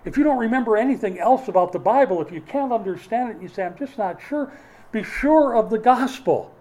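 Emphatic preacher man, slightly high voice. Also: expressive, fast, darkish tone, poor audio. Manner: emphatic preaching with dry humorous asides. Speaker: pastor. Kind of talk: sermon.

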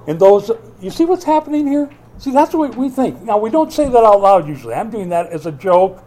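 A man preaching a sermon as pastor, swinging between loud emphatic bursts and quiet asides, with a wry, joking touch. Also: sits high, animated, normal speed. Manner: wry, joking delivery with mock quotes.

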